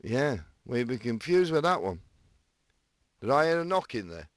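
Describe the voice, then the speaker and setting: A man's voice: medium pitch, big pitch swings, moderate pace, no room sound, clean studio sound. Chatty man reading commentary lines. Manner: chatty, laughing, self-mocking asides. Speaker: snooker commentator recording lines. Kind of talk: jokey commentary voice-over session.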